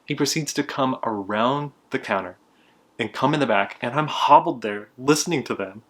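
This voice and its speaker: A man's voice: medium pitch, moderate pace, a bit bright. A young man hosting a board game channel, chatting casually and explaining a card game in a self-deprecating way. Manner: chatty, self-deprecating, laughs while telling.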